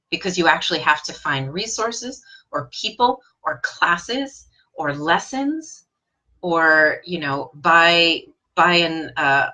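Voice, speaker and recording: A woman leads a live online English lesson, her tone bright and clear while her pitch sits a little low. She reads viewers' comments aloud and answers with encouraging, direct questions. Her pitch leaps up when she praises someone.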